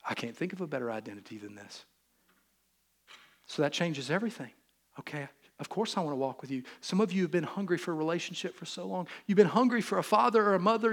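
A man's voice: on the high side, gravelly. A male pastor with a Southern US accent giving a sermon in a conversational, joking way, acting out little quotes. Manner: conversational, jokey, acts out quotes.

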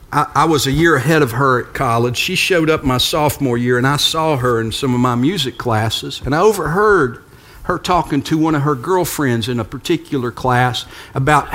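A man's voice: mid-range voice, fairly bright tone. An older man preaching a sermon as a pastor, conversational and storytelling with touches of humor.

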